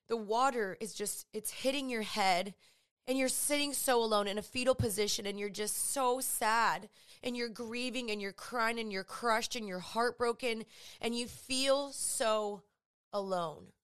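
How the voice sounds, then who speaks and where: A woman's voice: a little high, fairly bright tone, smooth. A woman giving a casual devotional talk. She speaks earnestly and conversationally and tells vivid stories. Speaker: Christian speaker.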